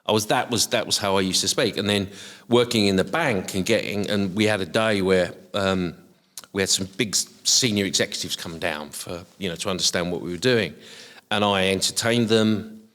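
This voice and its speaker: A middle-aged man with a softened Essex estuary accent and a very low voice, talking over his career in a hesitant way full of ums and restarts. The voice rings out with a long reverb tail. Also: moderate pace. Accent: softened Essex estuary English. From Essex, England. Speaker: guest, HR professional. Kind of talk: casual reflective interview talk.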